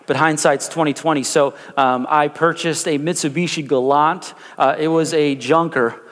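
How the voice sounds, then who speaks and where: A young man preaching in a church, his voice a bit high for a man. He tells stories loosely, with many fillers and restarts, then lifts into full preaching. A long hall reverb trails every phrase. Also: fairly even intonation, moderate pace, a bit bright. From Chicago area. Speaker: pastor. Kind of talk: sermon.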